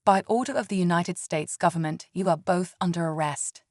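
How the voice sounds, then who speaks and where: Brief: a woman reading as a stern male officer, commanding, low voice, dry sound. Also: fairly quick, a little mellow, no echo, close to an everyday voice.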